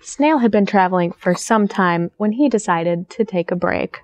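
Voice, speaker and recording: A young woman who works as a children's librarian, reading a picture book aloud in a friendly, gentle, teacher-like way. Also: medium pitch, expressive, normal speed, dry recording. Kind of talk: storytime read-aloud for children.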